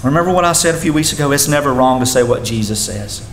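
A man's voice: expressive, quick pace. A man preaching a sermon as a pastor. His voice climbs and falls sharply as he preaches. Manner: preaching with sudden rises and drops in pitch. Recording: echoey room sound with faint noise.

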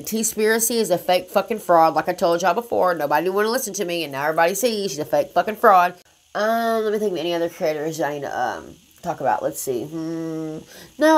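A young adult woman ranting to the camera as a commentary vlogger, blunt and confrontational, swearing heavily. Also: on the low side. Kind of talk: profane drama commentary rant.

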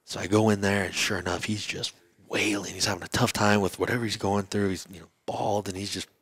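A man, a podcast guest, telling a story in a lively way and acting out other people's lines. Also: on the low side, a little fast, breathy edge, dry recording. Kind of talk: casual storytelling interview. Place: convention trade show booth.

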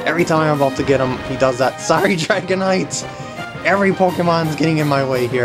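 A woman's voice: low-pitched, fast talker. A woman giving playful, chatty commentary on a video game she is playing, often talking to the characters on screen. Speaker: gaming commentator. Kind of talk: let's play commentary. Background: faint game music.

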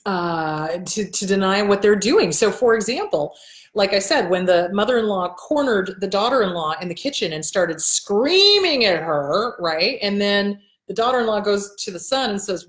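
A woman's voice: mid-range voice, animated, normal speed, reverberant. A woman counselor talking casually to her viewers, blunt and emphatic, repeating her key points and swearing now and then. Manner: acts out quoted people in a shifted voice. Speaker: host and counselor answering viewer questions. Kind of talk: casual advice talk to camera. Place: indoors in front of a backdrop.

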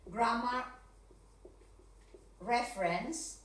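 A woman teaching English in a recorded video lesson. Her voice sits a little high and sounds very bright. She is heard from across a very echoey room, far from the microphone. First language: Spanish. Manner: slow and hesitant, checking in with "yes?" and "okay?".

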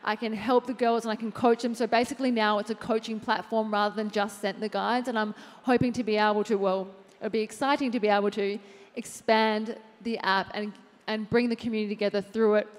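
A woman's voice: medium pitch, fairly even intonation, fairly quick. A woman, a fitness trainer, chatting as a guest in a live on-stage interview, unassuming and full of fillers. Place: large event hall with audience. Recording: long hall reverb from a live stage.

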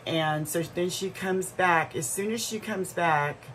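A woman's voice: fairly low pitch, a little slow, fairly bright tone, a little hiss or hum, rough recording. A middle-aged woman vlogger telling a story in a casual, rambling way, full of asides and restarts.

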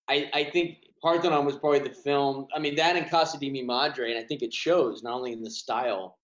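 Reflective man on a roomy lo-fi line. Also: mid-range voice. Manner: reflective, peppered with "you know". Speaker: filmmaker guest. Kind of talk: casual interview chat.

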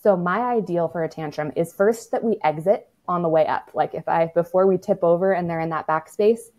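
A woman's voice: on the low side, brisk, a little mellow. A woman speaking as a toddler-parenting expert in a casual podcast conversation, frank and matter-of-fact, with lots of "like" and the odd swear word.

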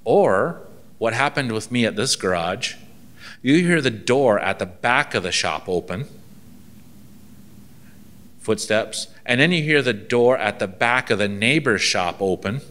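A man's voice: medium pitch, expressive, a little slow, pauses often, fairly bright tone. A man, a transport ministry inspector from Canada, gives a seminar and tells anecdotes with dry humor, acting out bits of dialogue.

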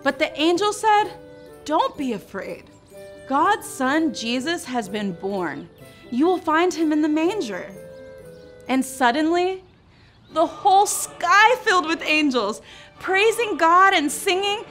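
Bright, bouncy preschool show host woman. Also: extremely high pitch, sing-song, a little slow, faint music behind. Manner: exaggerated, playful, cheering on young children. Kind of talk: preschool Bible lesson.

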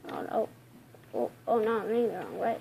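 A woman hosting gameplay commentary, talking excitably with frequent squealing exclamations. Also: mid-range voice, normal speed, gravelly, a little hiss or hum. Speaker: gaming video host.

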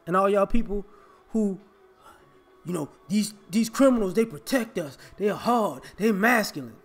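A man's voice: sits high, expressive, normal speed, soft background music. A man, delivering an emphatic, confrontational opinion monologue as a vlogger.

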